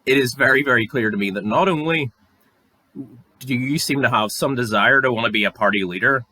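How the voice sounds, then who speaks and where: A young man from Northern Ireland rants solo on his podcast in a medium-pitched voice, speaking briskly with no echo. He's angry, sarcastic and sweary, and his voice climbs to near shouts when he gets worked up.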